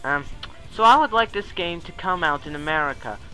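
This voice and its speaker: A man's voice: on the high side, lively intonation, a little fast, sharp tone, soft background music, poor audio. A young man giving a casual countdown commentary in a chatty, rambling way, often correcting himself. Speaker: video commentator.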